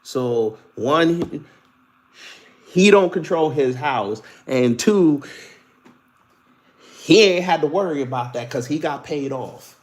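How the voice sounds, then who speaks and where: Young male host, sarcastic and animated, casual streaming commentary. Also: fairly high pitch, slow, pauses often. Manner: animated, sarcastic, laughs often.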